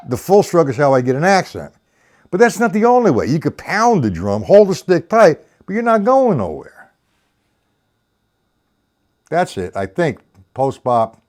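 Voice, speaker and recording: An older man with a medium-pitched, slightly mellow voice gives a casual, rambling live-streamed drum lesson, counting beats aloud while explaining technique.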